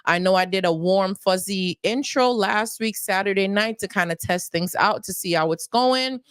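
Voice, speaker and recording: A woman's voice: mid-range voice, normal speed, fairly bright tone, clear, resonant tone, dry recording. Earnest Jamaican mother, dry close sound. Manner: earnest and emotional, repeats herself, often says "y'all". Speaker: live-stream host. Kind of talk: heartfelt live-stream talk.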